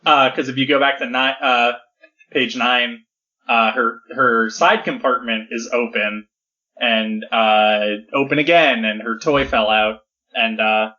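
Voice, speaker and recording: A man chatting on a podcast about a comic, chatty and quick to laugh, with frequent uh fillers. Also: medium pitch, fairly even intonation, sharp tone. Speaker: podcast co-host or guest. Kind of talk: casual chat about a comic. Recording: dull lo-fi sound.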